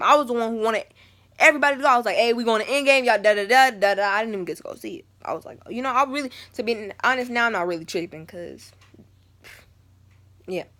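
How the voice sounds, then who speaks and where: A woman's voice: mid-range voice, sharp tone. A teenage girl chatting animatedly at home, telling a storytime vlog with casual slang. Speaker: vlogger.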